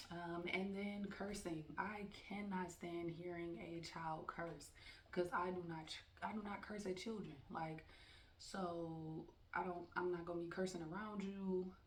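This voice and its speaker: Frank woman talking from across an echoey room. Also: fairly low pitch. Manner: frank, animated, quotes her students and herself. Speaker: teacher and vlogger. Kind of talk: casual storytelling monologue. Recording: echoey room from far off with faint background noise.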